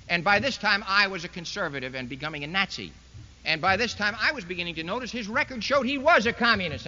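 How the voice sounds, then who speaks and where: A man holds forth in a high, lively, sharply bright voice. He addresses the crowd with biting sarcasm and rhetorical questions. The 1960s recording is dull and muffled, with long hall reverb. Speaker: political speaker. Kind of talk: public speech to a university audience. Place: large lecture hall.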